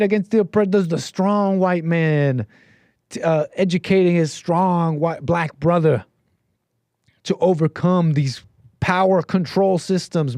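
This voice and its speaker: A man hosting a talk show, giving sarcastic, mocking commentary on a clip with animated asides. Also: on the high side, dry recording. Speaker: show host.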